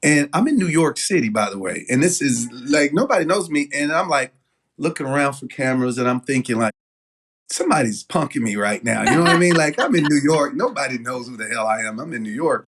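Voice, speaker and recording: A man from talks as an interview guest, telling stories in a loose, lively way. His voice sits at an ordinary middle pitch, and he often stops and restarts with "uh" and "like.". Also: brisk, breathy edge. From Knoxville, Tennessee. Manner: animated storyteller, many fillers and restarts. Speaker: guest, business owner. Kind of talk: casual storytelling interview.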